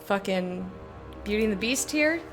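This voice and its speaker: A woman's voice: mid-range voice, lively intonation, normal speed, fairly bright tone, faint music behind. A woman streaming a game in casual chat, giggly and loose and swearing now and then as she talks with her viewers.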